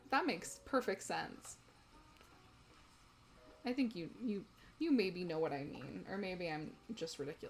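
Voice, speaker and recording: A young woman streaming a game, chatting casually with viewers, giggly and gushing. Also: medium pitch. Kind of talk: casual gameplay stream chat.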